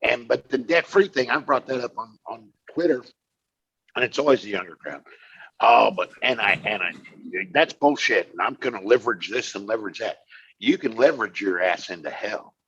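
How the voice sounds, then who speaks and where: A man's voice: fairly low pitch, animated, moderate pace, gravelly, fairly bright tone, slightly rough. A middle-aged man co-hosting a podcast, talking in a blunt, profane way and often restarting his sentences. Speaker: podcast co-host. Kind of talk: casual chat. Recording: slightly dull lo-fi sound.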